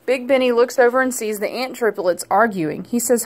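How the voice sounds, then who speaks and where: A woman narrating a children's picture book aloud in a clear, gentle storytelling manner. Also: fairly high pitch, moderate pace, few pauses. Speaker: storybook reader.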